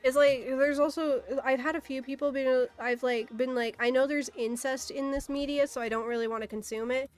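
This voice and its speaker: A woman's voice: high-pitched, steady tone, brisk, few pauses, soft background music. A young woman in a casual, exasperated ranting monologue, swearing often and laughing in disbelief. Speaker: streamer.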